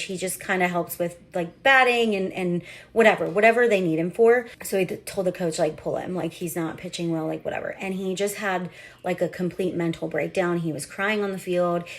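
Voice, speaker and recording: A woman in her thirties, a parent of a young athlete, telling a personal story in a casual, candid way, with lots of filler words. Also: medium pitch.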